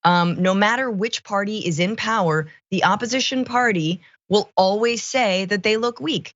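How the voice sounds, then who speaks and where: A female co-host gives casual political commentary with a sarcastic, expressive edge. She talks in a mid-pitched voice. The recording is dry and a bit muffled. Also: moderate pace, dry recording. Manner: sarcastic, expressive, mocking impressions.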